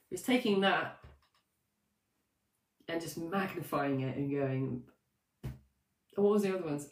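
Woman coach, lowish voice, off-mic in an echoey room; rambling, animated, self-deprecating live talk. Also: normal speed, long pauses, recorded from a distance. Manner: chatty and animated, with many fillers, restarts and self-mocking asides. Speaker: life coach. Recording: roomy echo, voice set back from the mic.

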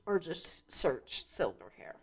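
A woman's voice: low-pitched, very animated, takes it slowly, gravelly, husky. A woman hosting her own show, talking casually in a rambling way with many restarts and fillers. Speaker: podcast host. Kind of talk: casual monologue.

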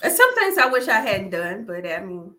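Bright, animated guest voice, lots of laughter, lively delivery. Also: medium pitch, moderate pace. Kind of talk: casual chat.

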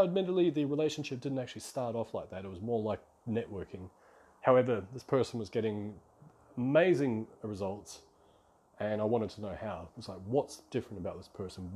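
A man's voice: mid-range voice, darkish tone, husky. A man hosting a podcast, telling a rambling, self-reflective story in a casual solo monologue. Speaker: podcast host.

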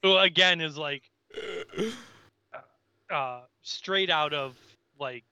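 Bright, crisp-voiced man recapping an episode. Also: fairly high pitch, slow, no room sound, muffled recording. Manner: retells scenes, acting out character lines. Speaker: podcast co-host. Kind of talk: casual recap chat.

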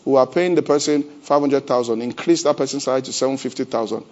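Speaking fast, a male pastor preaches and keeps posing rhetorical questions to his congregation. His voice swings from loud emphasis to quiet, conversational talk, and the church recording sounds dull and lo-fi.

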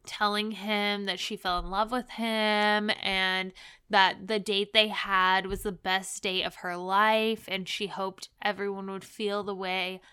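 Bright, smooth-voiced young woman chatting. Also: mid-range voice. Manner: chatty, many "like" fillers, animated retelling. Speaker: podcast co-host. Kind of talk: casual recap chat.

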